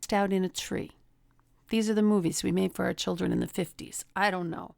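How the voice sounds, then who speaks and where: A woman's voice: on the low side, fairly even intonation, a little fast, gravelly, a little mellow, no room sound, studio quality. A middle-aged woman, host of a relationship coaching talk, teaching through personal stories and acting out the people she quotes. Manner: storytelling, acts out quoted people in a raised voice.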